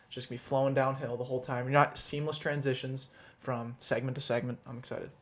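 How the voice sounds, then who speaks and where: A man's voice: medium pitch, little pitch movement, quick pace, a bit bright. A man co-hosting a podcast in casual chat, rambling through upbeat banter with restarts. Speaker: podcast co-host.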